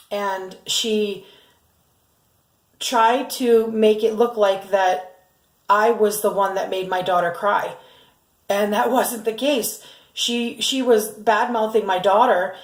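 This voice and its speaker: Middle-aged woman, mid-range voice, indignant and halting vlog delivery, roomy echo. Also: mid-range voice. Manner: urgent and indignant, many ums and restarts. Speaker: mother telling her family's story. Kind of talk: emotional first-person vlog.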